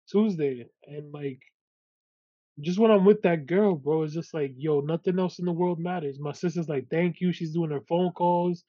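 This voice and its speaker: A man's voice: a little high, no echo. A man hosting a podcast, chatting casually in slang. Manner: relaxed, warm-hearted, uses street slang like bro and yo. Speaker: podcast host. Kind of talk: casual chat. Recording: slightly muffled lo-fi audio.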